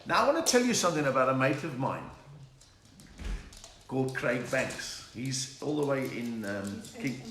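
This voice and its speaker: A middle-aged man with a mid-range voice and lively intonation talks at a moderate pace while hosting a casual home live stream, with a crowd audible in the background. He jokes, chats, and greets viewers by name, reading their greetings aloud. Faint noise and a roomy echo are present.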